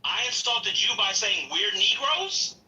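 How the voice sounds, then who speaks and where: Woman, firm and interrupting, very bright, lively pitch, echoey distant clip. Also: unhurried. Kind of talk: heated debate with a caller.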